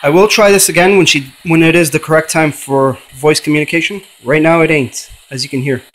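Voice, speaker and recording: A man hosting a ghost-hunting vlog, calling out repeatedly to spirits and then lecturing insistently in drawn-out, emphatic explanations. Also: fairly high pitch, fairly bright tone, poor audio. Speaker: paranormal channel host.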